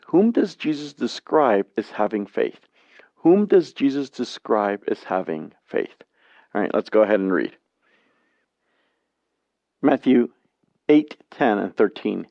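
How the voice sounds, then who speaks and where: A man teaching a Bible study lesson, reading scripture passages aloud and explaining them in a plain, measured way. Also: mid-range voice, gravelly, no echo. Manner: plain, measured reading with brief spoken asides. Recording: dry, dull lo-fi sound.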